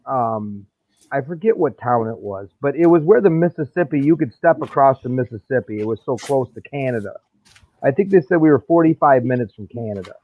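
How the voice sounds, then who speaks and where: A man telling folksy, drawn-out anecdotes in a casual live-stream chat. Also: medium pitch, expressive. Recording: dry, tinny phone-like line.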